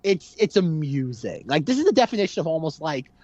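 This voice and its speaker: Animated man on a film podcast, muffled audio. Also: fairly high pitch, a little fast, no echo. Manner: rambling, heavy use of "like", lively impressions. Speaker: podcast co-host. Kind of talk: casual film discussion.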